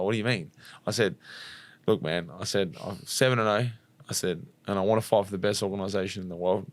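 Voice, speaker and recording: A young Australian man, a fighter guest on a podcast, telling a story in a lively, casual way, acting out the quotes and swearing now and then. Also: lowish voice, no echo. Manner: rapid, animated storytelling with acted-out quotes and swearing.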